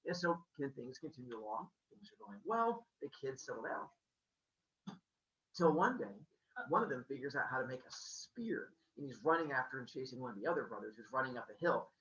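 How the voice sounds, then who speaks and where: Animated, playful male storyteller. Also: medium pitch, moderate pace, echoey room, lo-fi sound. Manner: jokey, playful, full of sound effects. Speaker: podcast storyteller. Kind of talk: casual myth retelling.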